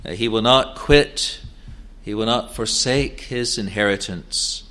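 Slow, earnest male preacher. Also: fairly low pitch, pushed and bright. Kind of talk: sermon.

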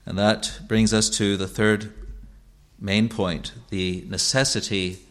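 A man preaching a sermon to his congregation as their pastor, speaking in an earnest, measured way and repeating phrases for emphasis. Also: lowish voice, level tone, fairly bright tone.

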